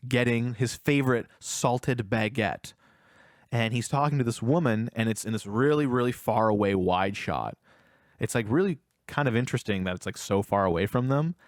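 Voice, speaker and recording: Male podcast co-host, mid-pitch, retells film scenes and acts out lines, dry close mic. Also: normal speed, no room sound. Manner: retells scenes at length, acting out the characters' lines. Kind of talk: casual film review chat.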